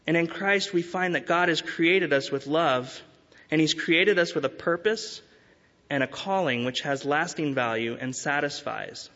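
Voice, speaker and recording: A man preaching a sermon as pastor, earnest and urging, slowing to stress key words. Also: fairly high pitch, sharp tone. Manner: earnest, urging, with emphatic rises and slow stresses. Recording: dull sound with long hall reverb.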